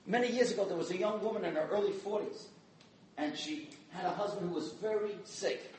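A man giving an inspirational sermon as a dramatic storyteller, dropping to hushed tones and rising to loud emphasis. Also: sits high, fairly quick, slight background noise. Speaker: guest speaker. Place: community event hall. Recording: echoey hall from far off, faint ambience.

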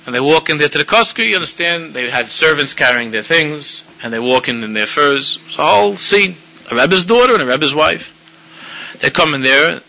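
A rabbi with a medium-pitched voice gives a sermon full of animated storytelling, often restarting his sentences. The recording is dull and lo-fi.

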